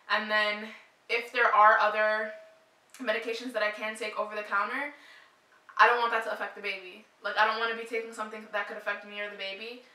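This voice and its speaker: A woman's voice: medium pitch, bright, forceful tone, echoey room, distant mic, low-quality recording. A young woman vlogger chatting casually to camera, short of breath, with a lot of "like" and "um". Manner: chatty, frequent "like" and "um" fillers.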